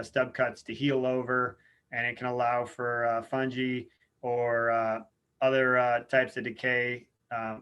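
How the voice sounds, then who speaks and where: A man presenting an online webinar lecture in a casual, informal way, often pausing on "uh" and "um". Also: mid-range voice, a bit bright. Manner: informal, frequent "uh" and "um" fillers. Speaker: extension lecturer.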